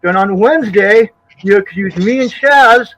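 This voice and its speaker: A man's voice: sits high, unhurried, a bit bright, rough recording. A man in a heated live-stream voice chat, mocking and taunting, swearing a lot. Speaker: stream caller.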